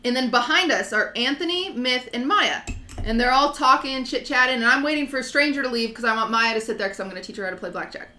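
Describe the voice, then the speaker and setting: Woman streamer, casual animated storyteller, bright tone, echoey room. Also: a little high, fast talker. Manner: animated, acts out quotes.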